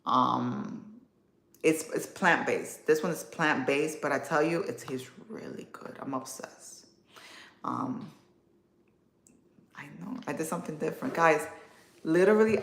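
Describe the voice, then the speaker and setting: A woman in her thirties hosting a casual livestream, chatting warmly and answering viewer comments. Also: extremely low pitch, fairly even intonation, moderate pace, slight background noise. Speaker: livestream host. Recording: echoey room.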